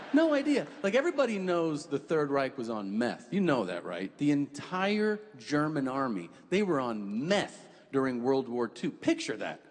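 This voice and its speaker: A man in his forties doing a stand-up comedy set, telling stories with profanity and quick voices for the people in them. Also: on the high side, in a large hall. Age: 40s. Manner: animated, profane storytelling with quick put-on voices.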